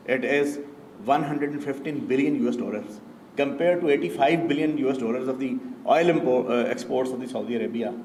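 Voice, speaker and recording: Man, keynote speaker, formal and halting, lots of pauses; distant mic, roomy hall. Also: mid-range voice, darkish tone, a little hiss or hum. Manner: measured, hesitant, many filler pauses. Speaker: university official and keynote speaker. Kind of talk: formal conference address. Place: conference auditorium.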